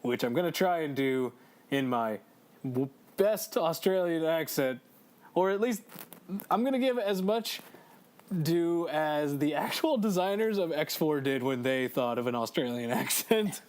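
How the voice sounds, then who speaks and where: A man co-hosting a podcast in casual chat, excitable, swearing and laughing as he talks through a game. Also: on the high side, a little slow. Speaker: podcast co-host.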